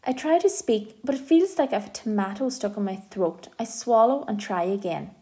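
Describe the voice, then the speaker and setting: Woman, audiobook narration, gentle storytelling, mellow dark tone. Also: mid-range voice, lively intonation, normal speed.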